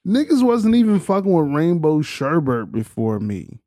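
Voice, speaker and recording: A man co-hosting a podcast in casual chat, slangy, joking and animated. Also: a little high, normal speed, dry recording, clean studio sound. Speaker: podcast co-host.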